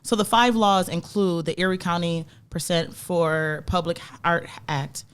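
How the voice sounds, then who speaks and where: A woman's voice: fairly low pitch, measured pace, clean tone. A woman co-hosting a podcast in casual chat, friendly and reading out notes to introduce a guest. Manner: friendly, reads from notes at an even pace. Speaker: podcast co-host.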